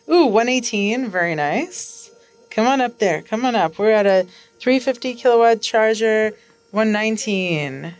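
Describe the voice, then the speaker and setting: Cheerful female co-host, playful commentator, mid pitch. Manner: upbeat, playful running commentary. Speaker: vlog co-host. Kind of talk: casual vlog chat.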